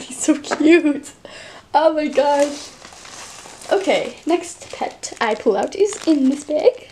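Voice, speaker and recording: A woman hosting a casual unboxing vlog, excitable and gushing as she opens toys, with plastic bags crinkling behind her. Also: sits high, background noise. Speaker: toy collector and channel host.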